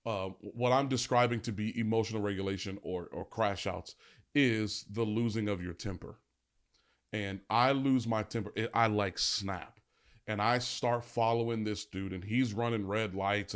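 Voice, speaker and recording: A man with a fairly low voice talks straight into the podcast mic. He tells a personal story in a candid, emphatic style and drops casual slang along the way. It sounds like a podcast host speaking from the heart. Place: podcast filming set.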